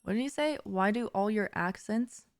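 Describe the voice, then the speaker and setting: A woman's voice: mid-range voice, normal speed, slight background noise. A woman streamer joking and chatting while playing a horror game. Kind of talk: casual gaming commentary.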